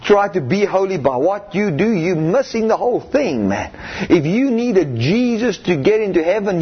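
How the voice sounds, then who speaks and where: A middle-aged man with a high-pitched, husky voice preaches a sermon, emphatic and repetitive, punctuating his points with hallelujah and amen. The recording is muffled and lo-fi.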